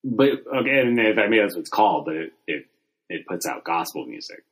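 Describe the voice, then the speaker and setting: A man co-hosting a podcast, talking in a deadpan, rambling way with many fillers. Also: on the low side, fairly quick. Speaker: podcast co-host. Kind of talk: casual comedic chat.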